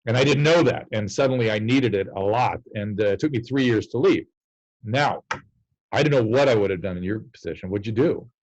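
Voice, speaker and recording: A man's voice: fairly low pitch, a little fast, a little mellow, muffled recording. A man who is a physician, talking candidly and bluntly in an interview over a video call and swearing for emphasis. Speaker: addiction medicine physician on a call-in show.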